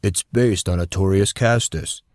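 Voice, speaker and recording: A man voicing a big, brutish teenage boy who speaks gruffly and takes offense easily. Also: deep voice, slow, a little mellow, no echo, studio quality. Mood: indignant. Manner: gruff, indignant.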